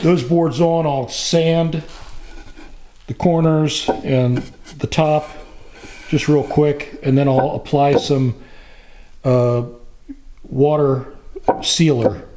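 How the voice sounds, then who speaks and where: A middle-aged man narrating his woodworking project in a casual, plain-spoken way, pausing often with fillers. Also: medium pitch, dark tone, a little hiss or hum. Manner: slow, plain-spoken, with frequent pauses and fillers. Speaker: woodworking channel host.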